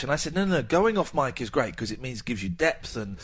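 A man hosting a radio show, chatting in a lively, self-mocking way into a close headset mic. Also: medium pitch, a little fast, slightly rough. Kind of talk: casual radio chat.

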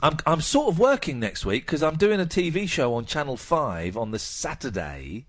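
A man hosting a radio show, chatting in a lively, self-mocking way into a close headset mic. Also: a little high, moderate pace. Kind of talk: casual radio chat.

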